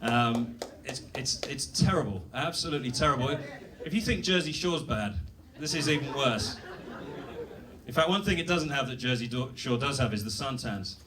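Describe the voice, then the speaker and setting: A man's voice: medium pitch, animated, moderate pace, recorded from a distance, noisy background. A British man doing a self-deprecating stand-up set on a comedy club stage, rambling with fillers and restarts. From Britain.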